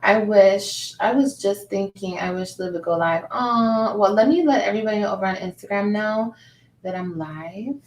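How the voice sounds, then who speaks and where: A woman's voice: mid-range voice, moderate pace. A woman hosting a casual livestream, greeting viewers by name and reading their comments aloud. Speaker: livestream host. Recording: echoey room, faint background noise.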